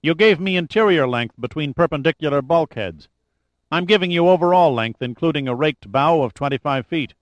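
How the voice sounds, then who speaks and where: A man reading an audiobook, voicing a groggy, grumbling male data technician with a raspy voice. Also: a little high, animated, brisk, dry recording, voice pushed up, lightly acted. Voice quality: raspy over a speakerphone.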